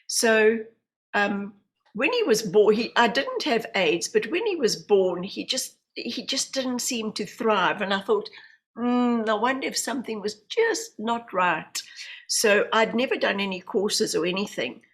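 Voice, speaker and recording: Unhurried and mid-range, the voice belongs to a woman in her fifties from New Zealand, a medium and hypnotherapist being interviewed on a podcast. She tells personal stories with animation, performing the voices of the people in them.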